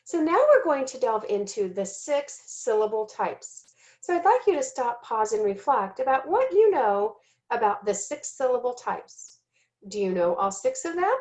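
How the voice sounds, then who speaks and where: A woman giving a recorded teaching lesson, speaking slowly and deliberately and sounding out letters and syllables, sometimes correcting herself. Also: a little high, big pitch swings, darkish tone. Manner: self-corrects with "excuse me". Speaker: teacher trainer.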